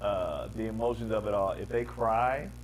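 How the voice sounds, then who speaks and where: A man in a casual podcast chat, an animated storyteller recounting his own experiences. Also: lowish voice, moderate pace, a little hiss or hum. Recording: music playing behind.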